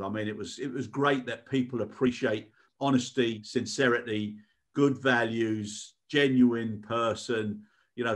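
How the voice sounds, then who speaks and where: A man's voice: medium pitch, fairly bright tone. A British man co-hosting a casual podcast chat, speaking earnestly and repeating words as he goes. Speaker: co-host.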